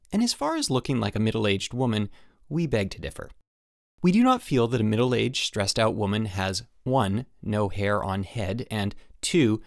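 A man narrating an audiobook in the first person as a letter, with an emphatic, animated delivery. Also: mid-range voice, gravelly, no room sound, studio quality. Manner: animated, emphatic on the product name. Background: faint background music.

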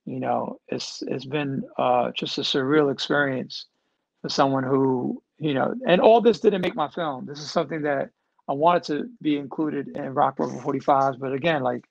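A man's voice: medium pitch, normal speed, gravelly, dry recording, muffled recording. A man in his fifties hosting a casual live-streamed Q&A, answering questions in a loose, chatty way with lots of fillers. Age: 50s. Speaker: host answering audience questions.

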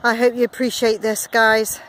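A woman's voice: fairly high pitch, little pitch movement, normal speed, background noise. A woman vlogging outdoors as she climbs a steep path up from a beach, winded and sighing, joking that she isn't out of breath. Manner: jokey, keeps insisting she is not out of breath, sighing. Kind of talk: casual vlog narration while hiking.

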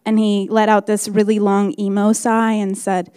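A woman in her thirties performing a stand-up comedy set, telling candid stories in a deadpan way with quick acted-out asides. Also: mid-range voice, clear, resonant tone, no room sound. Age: 30s.

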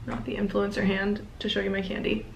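A woman's voice: mid-range voice, completely flat delivery, fairly quick, vocal fry, noisy background. A young woman chatting casually through a day-in-the-life vlog at home, rambling and trailing off into little asides. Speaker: vlogger. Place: at home in her apartment. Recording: roomy home recording.

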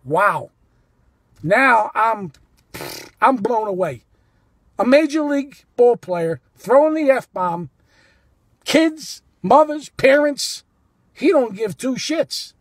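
A man telling a heated story about a ballgame as a fan, animated and indignant, cursing and repeating himself. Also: extremely high pitch, slow, pauses often, dry recording. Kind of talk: heated first-person storytelling.

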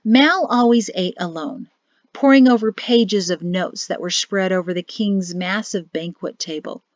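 A woman's voice: mid-range voice, no room sound. Woman narrating an audiobook, dry lo-fi. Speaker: author reading her audiobook.

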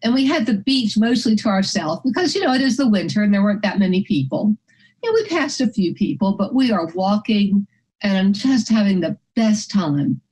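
A woman's voice: medium pitch, animated, normal speed, a little mellow, husky, low-quality recording. An older woman telling a personal story vividly, acting out the dialogue.

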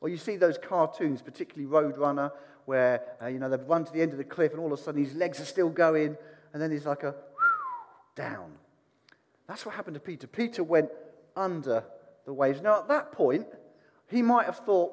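Animated preacher in a reverberant hall. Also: male voice, fairly high pitch, fairly quick. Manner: animated, asks the congregation questions. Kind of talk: sermon. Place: church hall.

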